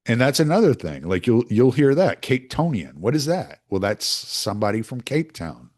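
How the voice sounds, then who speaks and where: A man's voice: medium pitch, moderate pace. A man talking through his views in a casual, rambling monologue, often restarting his sentences. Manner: animated, rambling, with frequent restarts.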